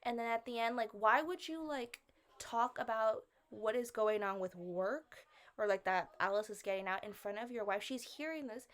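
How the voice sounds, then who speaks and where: Woman, rambling casual review, full of "like", pitched a bit high, puzzled questioning tone. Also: normal speed. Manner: rambling, fills with "like" constantly. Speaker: vlogger reviewing a film.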